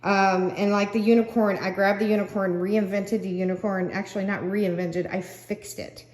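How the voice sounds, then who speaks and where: A woman's voice: mid-range voice, flat delivery, moderate pace, a little mellow. Chatty older woman in a roomy echo. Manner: chatty, laughs often, trails off with fillers. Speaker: craft vlogger. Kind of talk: rambling casual chat.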